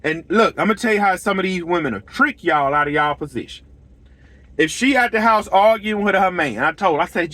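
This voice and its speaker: Speaking in a high, animated voice that runs a little fast, this middle-aged lawn care business owner and channel host delivers a casual rant to camera. The tone is pushed and bright in a dry recording. He tells his stories bluntly and heatedly, repeating himself and acting out the dialogue in quotes.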